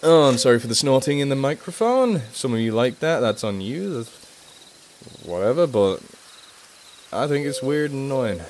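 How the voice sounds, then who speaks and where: A man's voice: medium pitch, very animated, moderate pace, darkish tone, a little hiss or hum. A man putting on a put-on American Southern good-old-boy voice while chatting playfully with viewers on a live stream. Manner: playful, self-mocking, chatty. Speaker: livestream host. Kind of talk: casual live-stream chat.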